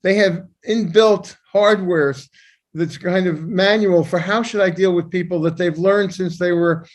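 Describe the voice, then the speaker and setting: Emphatic older man, high voice. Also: steady tone, measured pace. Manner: emphatic and opinionated. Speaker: podcast co-host, psychiatrist. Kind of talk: conversational discussion.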